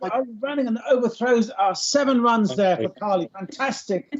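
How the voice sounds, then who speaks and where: Male moderator, high husky voice, joking host patter, lo-fi video call. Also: normal speed. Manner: chatty, cricket-commentary jokes. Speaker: panel moderator. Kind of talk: casual moderating banter. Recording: muffled video call audio.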